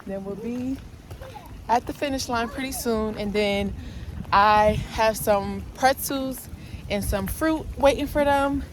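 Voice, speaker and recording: Chatty mom vlogging outdoors, noisy. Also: female voice, fairly high pitch, slow pace. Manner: chatty, narrating while walking with her kids. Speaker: vlogger mother. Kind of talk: casual vlog narration. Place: outdoor nature trail. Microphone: handheld camera.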